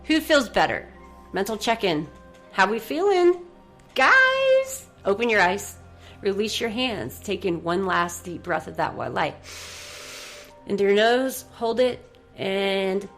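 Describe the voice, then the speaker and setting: A woman hosting a motivational talk show, her voice sitting at an ordinary middle pitch. She talks in an effusive, upbeat way, dropping soft for the breathing guidance and rising eagerly when she cheers listeners on. Faint music plays underneath. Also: expressive, unhurried. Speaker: radio show host.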